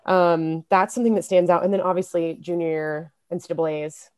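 A young adult woman, a guest on a podcast interview, telling stories in a casual, lively way and laughing often. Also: fairly low pitch, brisk, clear, resonant tone. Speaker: interview guest, former college swimmer. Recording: podcast audio.

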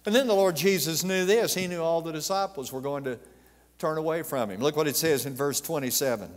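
A man preaching a sermon as pastor, swelling to emphatic peaks and dropping to a hush. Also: a little high, brisk. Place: church sanctuary. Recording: reverberant church sanctuary.

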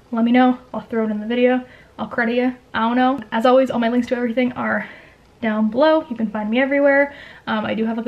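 Chatty young woman vlogger, slightly high. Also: a little mellow, highs cut off. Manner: chatty, rambling, laughs often. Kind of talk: casual talking-head vlog.

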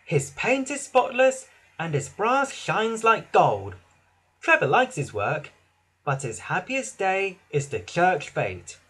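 A man reading a children's storybook aloud in an expressive, sing-song way. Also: sits high, slow, slightly rough. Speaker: narrator.

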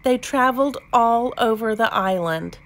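A woman narrates a children's picture book with gentle expression. She reads slowly in a slightly high voice and gives each line room to breathe. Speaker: storybook reader. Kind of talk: children's read-aloud narration.

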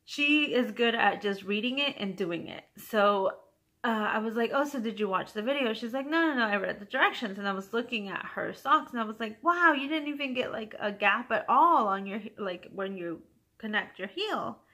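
A young woman hosting a knitting vlog, chatting casually at home and telling an anecdote with frequent giggles and playful voices for her friends. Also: normal speed. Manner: animated, giggly, quotes friends in higher voices. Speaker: knitting podcast host.

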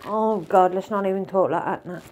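A woman's voice: medium pitch, normal speed, darkish tone, slight background noise. A woman giving a casual, rambling spiritual reading to camera, swearing often and calling the listener mate and darling. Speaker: tarot reader.

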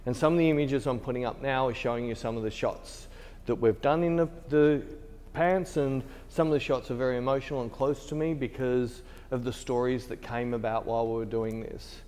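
A man's voice: medium pitch, fairly even intonation, a little fast, a little mellow, big-room sound. A British man, a photographer, telling a rambling story in casual chat while teaching, laughing easily. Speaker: photographer and tutor. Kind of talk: casual behind-the-scenes chat. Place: photo studio.

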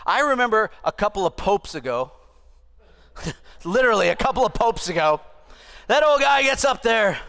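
A pastor in his fifties preaching an animated, humorous sermon to his church, with asides to the congregation. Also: high-pitched, moderate pace, creaky, long pauses, clear, resonant tone. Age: 50s. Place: church sanctuary.

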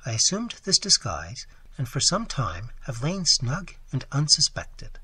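A man with a hoarse voice voicing a scheming genteel young woman who feigns distress, speaking softly and confidingly. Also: medium pitch, very animated, unhurried, heavily acted.

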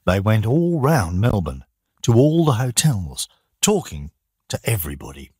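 Deep, husky man reading slowly. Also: big pitch swings, a little mellow, no echo, clean studio sound. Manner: slow, plain, deliberate reading for learners. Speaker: narrator. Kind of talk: graded-reader audiobook narration.

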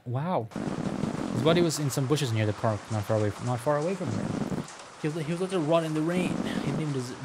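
A man's voice: medium pitch, noisy background. A young man rambling goofily while playing a game, inventing silly words and chatting to characters. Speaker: gaming video host. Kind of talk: let's play commentary. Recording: rain and ambience behind. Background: game rain sounds.

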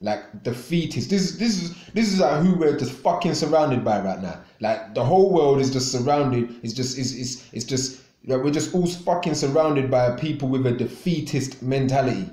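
A man's voice: mid-range voice, animated, normal speed, warm tone, reverberant. A man hosting a radio show, ranting angrily with constant swearing and repeated words. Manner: angry, profane, repetitive. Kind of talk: ranting monologue.

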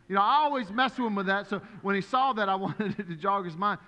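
A man preaching a sermon as pastor, telling stories in an animated way and acting out the voices of the people in them. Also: sits high, fast, hardly any pauses, dull audio. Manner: animated, storytelling with acted-out voices. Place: church sanctuary. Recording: long hall reverb.

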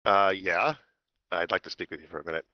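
A man putting on a low drawling God. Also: brisk, dry recording, lightly acted. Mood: offhand. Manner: offhand, drawling, profane. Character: deep weary God speaking casually, male. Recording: dull lo-fi voice chat.

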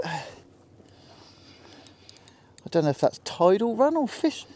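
An easygoing man with a Hampshire accent chats his way through a fishing trip from a small boat, his voice a touch high but mellow and soft-edged. Faint outdoor noise hangs behind him. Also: big pitch swings, slow. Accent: Hampshire English. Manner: chatty and easygoing, talks to the fish and the viewer. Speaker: angler vlogger. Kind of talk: casual running commentary while fishing.

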